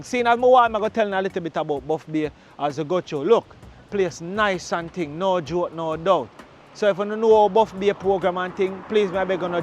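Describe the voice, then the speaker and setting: A man with a Jamaican accent, narrating a walking tour outdoors on a town street, chatty and full of patois shout-outs. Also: high voice, a little hiss or hum.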